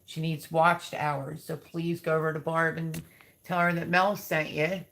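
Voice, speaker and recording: A woman with a low voice talks at an unhurried pace, hosting a casual live-stream chat. Noise and chirping birds are clearly audible behind her. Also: little pitch movement. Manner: coos softly to her chicks. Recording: background noise with bird chirps.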